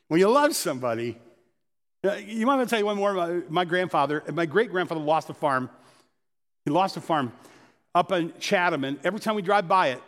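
A pastor telling personal stories in a conversational sermon. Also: male voice, on the high side, big-room sound. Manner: storytelling, conversational.

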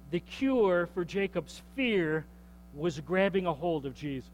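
High-voiced pastor preaching casually. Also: male voice, expressive, measured pace, slight background noise, poor audio. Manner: conversational preaching, frequent "okay?" check-ins and repeated words. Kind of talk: sermon. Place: church.

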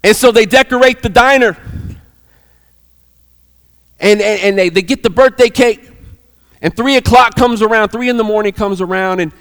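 High-voiced man telling a sermon story. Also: moderate pace, long pauses, in a large hall. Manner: animated, repeats words.

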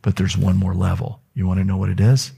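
A man preaching a sermon as a pastor in a church, telling stories with wide swings in pitch and dropping now and then to a whisper. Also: little pitch movement, quick pace, creaky, mellow, breathy edge. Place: church sanctuary.

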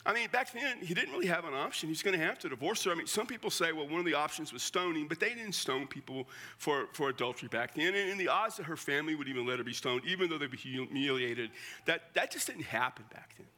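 Older male pastor, bright, forceful tone, slightly high voice; conversational, emphatic preaching that sinks to a near-whisper for weight. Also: animated, fast talker. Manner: conversational, emphatic, drops to a hush at emotional points. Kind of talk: sermon.

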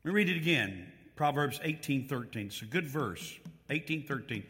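A man's voice: medium pitch, normal speed, hardly any pauses. A man preaching a sermon, reading scripture with emphatic stress and putting questions straight to his congregation. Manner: animated, reads scripture aloud with emphatic stress; asks the congregation questions directly. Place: church. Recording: long hall reverb.

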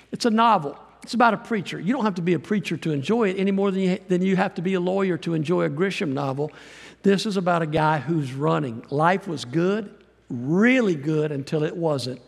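A middle-aged man preaching a sermon in a church, folksy and rambling, with self-deprecating asides. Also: sits high. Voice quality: gravelly voice. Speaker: guest preacher and missionary. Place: church sanctuary. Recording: long reverb of a church hall.

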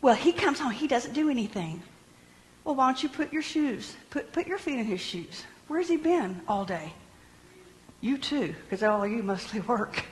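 Woman preacher, sermon, animated, humorous, long hall reverb. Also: fairly high pitch, normal speed, slight background noise. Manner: lively, animated, jokes with the congregation.

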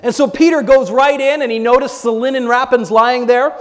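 A man preaching a sermon, acting out the story as he goes and swinging between bold exclaiming and a hushed near-whisper. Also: very high-pitched, fairly even intonation, brisk. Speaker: pastor. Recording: long hall reverb.

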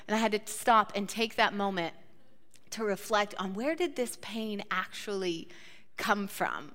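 A woman in her thirties preaching a sermon, telling a personal story in an animated, conversational way and acting out her own reactions. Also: mid-range voice, moderate pace. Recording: long hall reverb.

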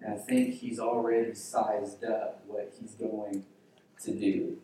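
Male pastor, slow dramatic storytelling sermon, voice distant in a very echoey church hall. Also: lowish voice, fairly even intonation, a little hiss or hum. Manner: dramatic storytelling, acting out quotes with hushed drops.

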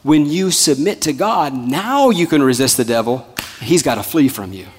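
A male pastor delivering a sermon in a rhythmic, repetitive style, swinging from loud emphasis to soft, hushed lines. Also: medium pitch, expressive, normal speed. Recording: long hall reverb.

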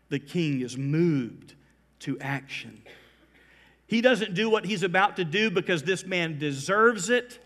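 A middle-aged male pastor with a notably high-pitched voice delivers a sermon. He builds intensity through repetition and drops his pace to weigh single words. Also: a bit bright. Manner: emphatic preaching that swells in volume on repeated phrases; slows down to stress key words.

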